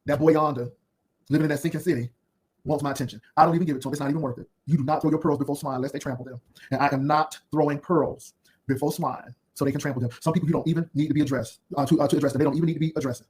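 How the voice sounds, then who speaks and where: High-pitched, rapid-fire sassy man. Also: steady tone, a little mellow, slight background noise. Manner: sassy, cutting, rambling put-downs. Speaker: YouTube commentary host. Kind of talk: unscripted drama commentary.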